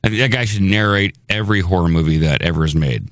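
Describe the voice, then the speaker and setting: A man's voice: deep voice, fast talker, no echo, studio quality. A man hosting a comedic podcast, joking and self-mocking. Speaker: podcast host.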